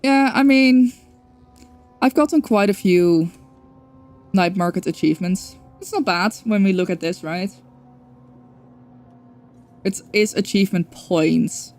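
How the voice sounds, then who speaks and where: A woman's voice: medium pitch, slow pace, long pauses, a little mellow, soft background music. A young woman streaming a game, chatting casually and rambling, correcting herself and swearing now and then. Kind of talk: casual livestream chat.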